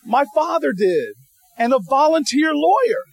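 A man giving a storytelling speech to an audience, animated and humorous, often repeating words as he restarts a sentence. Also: very high voice, a little slow, creaky, a little hiss or hum, poor audio. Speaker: public speaker addressing an audience.

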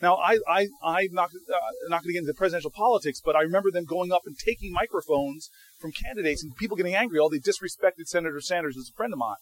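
A man with a high-pitched voice speaks to a live audience as a guest speaker. He tells stories with energy, stumbling and restarting his sentences, and mimics the people in his anecdotes. He sounds like he is speaking in an event hall. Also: fast talker, a little hiss or hum. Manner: animated storyteller, frequent restarts; acts out quoted people. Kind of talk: answering audience questions.

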